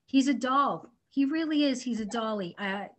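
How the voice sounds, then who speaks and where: A woman's voice: a little high, normal speed, fairly bright tone. A woman, an inventor and entrepreneur, telling her story as an interview guest in a bubbly, heartfelt way. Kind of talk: casual interview chat.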